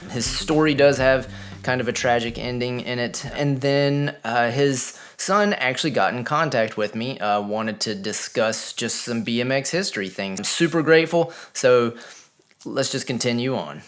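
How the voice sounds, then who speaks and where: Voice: mid-range voice, normal speed. A channel host giving a scripted, earnest introduction and summary before an interview.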